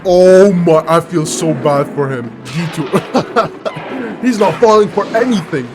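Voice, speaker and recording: A man casually commenting on a video, excitable and laughing often, with clip audio and music behind him. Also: high voice, takes it slowly. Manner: excitable, frequent laughter and exclamations. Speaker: reaction video host. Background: cartoon clip audio and music.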